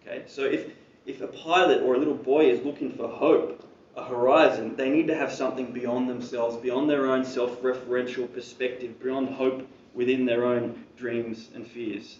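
A man delivers a sermon in a church hall, keeping it conversational with casual asides. His voice sits at an ordinary pitch and sounds set back from the mic, with a dull, muffled tone. A roomy echo and a faint hum of ambience surround him. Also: fairly even intonation, moderate pace, darkish tone, far from the mic. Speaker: preacher.

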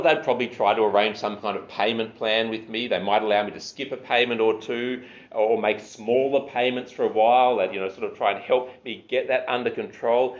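A man's voice: medium pitch, highs cut off. A man preaching a sermon, explaining scripture verse by verse and stressing key words.

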